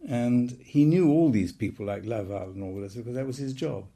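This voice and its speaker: Gravelly older man telling wartime memories. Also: medium pitch, moderate pace, dark tone. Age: 80s. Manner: wry anecdotal storytelling. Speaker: speaker recounting his childhood. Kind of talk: reminiscing talk.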